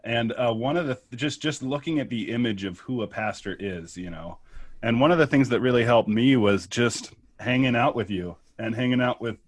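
A man's voice: mid-range voice, moderate pace, no echo. A man, a pastor, interviewing in casual conversation, talking hesitantly with many restarts.

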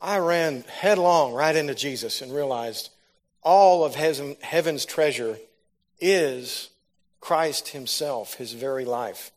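Slow and fairly high-pitched, this man's sermon unfolds as a personal testimony. He tells it as a story at first, then his delivery rises into loud, fervent preaching.

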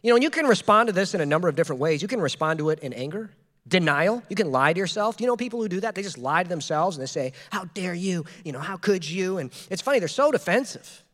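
A man in his thirties, a pastor, giving a lively conversational sermon full of questions to the congregation. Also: sits high, racing. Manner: animated, conversational, rhetorical questions. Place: church hall. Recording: reverberant church hall.

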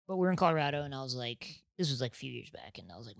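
A man's voice: medium pitch, very animated, creaky, no room sound. Young male guest from Nebraska, chatty and rambling, dry close mic. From Nebraska, USA. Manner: rambling storyteller, quick self-interruptions. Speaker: podcast guest. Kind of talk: casual chat.

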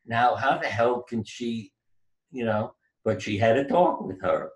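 A man's voice: mid-range voice, a little slow, rough recording. An older man, a doctor and author, telling stories in an interview and acting out the voices he quotes. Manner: animated storyteller, acts out quoted voices. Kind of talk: storytelling interview.

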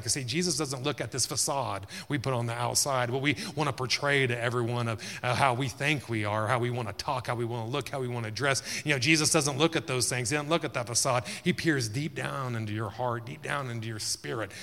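Bright-voiced male preacher in a reverberant hall. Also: mid-range voice, brisk, creaky, few pauses. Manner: emphatic, repetitive, rising to exclamations. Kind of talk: sermon.

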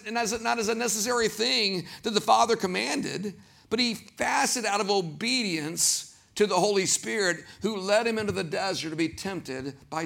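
A man with a Southern accent, preaching a sermon as pastor, animated and acting out quoted voices. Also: high voice, gravelly.

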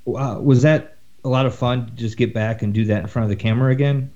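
Guy interviewer, low mellow voice, lots of uhs, dull lo-fi sound. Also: steady tone, fast, slight background noise. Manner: hesitant, many uh fillers. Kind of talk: casual interview question.

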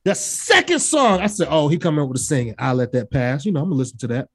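Animated woman ranting on a podcast. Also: quick pace, breathy edge. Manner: animated and emphatic, profane, acts out her own reactions in sudden high yelps. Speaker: podcast co-host. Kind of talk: casual music review chat.

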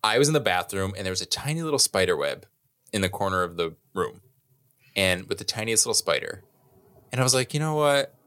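A young man co-hosting a podcast, telling a long story in a casual, animated, self-mocking way and swearing freely. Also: on the low side, a little fast. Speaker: podcast co-host.

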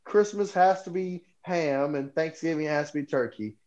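A man from North Carolina co-hosting a live podcast, loud and profane, talking over the others in casual banter. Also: on the high side, normal speed, dull audio, a loud crowd. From North Carolina, USA. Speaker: podcast co-host.

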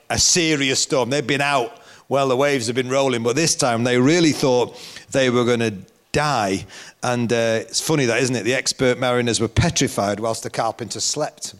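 Animated preacher man. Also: medium pitch. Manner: animated storytelling, rising loud for emphasis. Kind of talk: sermon.

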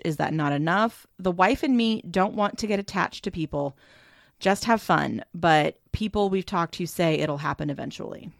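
Playful, loud-laughing woman podcast co-host. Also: medium pitch, no echo, clean studio sound. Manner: loud, playful, swears freely. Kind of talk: casual chat.

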